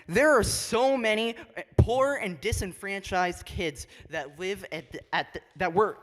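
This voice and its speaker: A man's voice: sits high, fairly bright tone. A young man giving an urgent, emphatic public comment at a community forum. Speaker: resident speaking at a public forum. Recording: reverberant hall.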